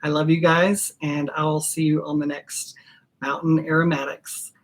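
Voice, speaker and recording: A woman hosting a live stream, talking in a heartfelt way with many ums and pauses. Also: deep voice, flat delivery. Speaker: host of a perfumery channel. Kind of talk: casual live-stream sign-off.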